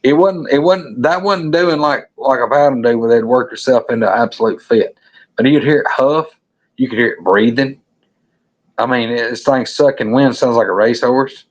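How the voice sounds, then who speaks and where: A Southern man with a drawl, spinning a story as a guest in a blunt, folksy and salty way, with a voice of ordinary middle pitch. He talks plainly and colorfully, swearing freely as he goes. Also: normal speed, dull audio. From Alabama. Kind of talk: storytelling, recounting an encounter.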